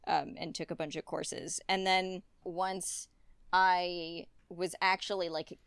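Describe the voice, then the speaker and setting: A woman's voice: lowish voice, little pitch movement, takes it slowly, gravelly, fairly bright tone, smooth, dry recording. A woman guest chatting casually in an interview, rambling with many fillers and tangents. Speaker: guest artist.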